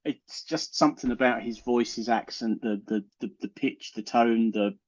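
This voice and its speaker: This is a man hosting a loose online chat, blunt and rambling, who keeps tripping over his own sentences. He sits at a middling pitch, and the call audio is a bit muffled and dull. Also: fairly even intonation, moderate pace, a little mellow. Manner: rambling, self-interrupting, blunt. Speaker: show host. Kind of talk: casual group chat on a live stream.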